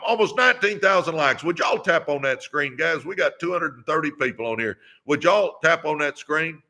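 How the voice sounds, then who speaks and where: Bright and forceful, the high voice of an older male podcast host drives a motivational live-stream talk. He preaches with fervor, urging his listeners on and returning to his catchphrases again and again.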